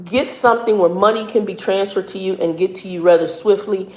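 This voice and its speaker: A woman truck driver and minister giving casual, earnest advice, often halting and repeating words as she talks. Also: mid-range voice. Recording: echoey room.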